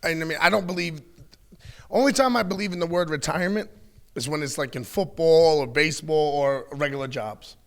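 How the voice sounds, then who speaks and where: A middle-aged man in a candid interview, talking bluntly and with plenty of swearing as he tells animated stories. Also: a little high, a little fast. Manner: blunt, profane, animated storytelling. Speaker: wrestling guest.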